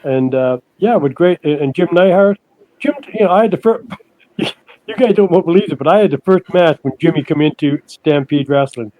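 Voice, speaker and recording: An older man, a guest on an interview podcast, telling stories in a halting way that repeats words, and he puts on higher voices for the people he quotes. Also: animated, dark tone, poor audio. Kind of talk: casual storytelling interview.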